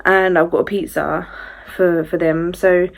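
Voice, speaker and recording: A young woman, casually telling a personal ghost story to her channel, full of "like" and animated retelling. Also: fairly low pitch, measured pace, creaky. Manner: chatty, fillers of "like", animated retelling. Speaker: vlogger.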